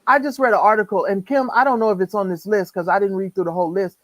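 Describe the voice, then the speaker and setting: A woman's voice: mid-range voice, fairly even intonation, fast talker, dry recording, poor audio. A woman co-hosting a live-stream chat show, talking in an emphatic way and repeating words when worked up. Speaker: co-host. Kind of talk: casual live-stream commentary.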